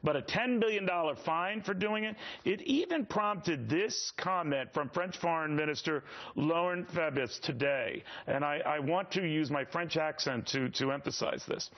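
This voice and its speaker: TV host, man, husky higher voice, wry and quick to interject, dull broadcast audio. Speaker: TV news host. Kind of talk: cable news panel discussion.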